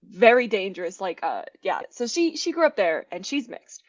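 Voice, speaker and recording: A woman's voice: medium pitch, big pitch swings, normal speed, no echo, muffled recording. A woman from the United States, a podcast guest, telling personal stories in a chatty, laughing way. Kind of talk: casual podcast chat.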